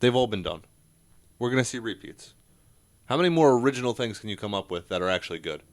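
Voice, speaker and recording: A man co-hosting a sports podcast, opinionated and jokey, quick to argue a point. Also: medium pitch, expressive, dry recording. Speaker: podcast co-host. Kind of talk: casual sports chat.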